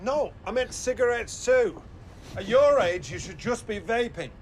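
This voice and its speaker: An actor voicing a bossy, scolding old grandparent with a gravelly voice. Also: male voice, very high-pitched, animated, measured pace, a little hiss or hum.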